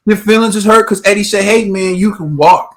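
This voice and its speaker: A man's voice: high-pitched, fairly quick, fairly bright tone. A man co-hosting a boxing talk show, ranting emphatically with repeated rhetorical questions. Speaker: boxing podcast co-host. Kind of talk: heated opinion rant.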